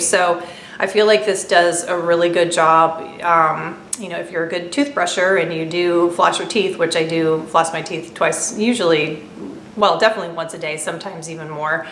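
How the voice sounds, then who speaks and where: A woman chatting through a casual product review vlog at home, talking quickly with many fillers and asides. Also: fairly low pitch, steady tone, fairly bright tone, reverberant, slight background noise. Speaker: beauty vlogger.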